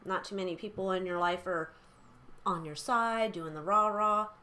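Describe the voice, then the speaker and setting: Young woman tarot reader, casual and blunt, fills pauses with filler words, middle pitch. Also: pushed and bright. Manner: chatty, blunt, swears freely, lots of fillers. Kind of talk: casual chat during a tarot reading.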